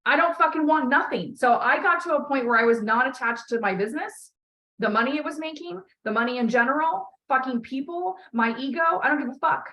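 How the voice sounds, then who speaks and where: A woman's voice: high-pitched, lively intonation, fairly quick, fairly bright tone, low-quality recording. A woman podcast host coaching a guest in a candid conversation, talking emphatically with frequent swearing and strong emotion.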